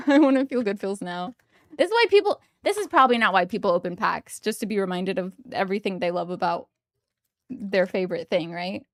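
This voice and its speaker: A young woman streaming from home, chatting casually and giggling excitedly as she opens trading cards. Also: medium pitch, fairly quick, no echo, studio quality. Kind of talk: casual live-stream chat while opening trading cards.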